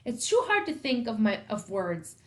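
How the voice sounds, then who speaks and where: Principal reading a kids' novel aloud; woman, slightly higher pitch, expressive. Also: normal speed. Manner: first-person storytelling, expressive. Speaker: school principal.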